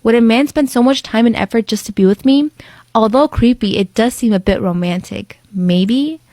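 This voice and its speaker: A woman reading a personal story aloud in a brisk, dramatic way. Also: on the high side, mellow, no room sound.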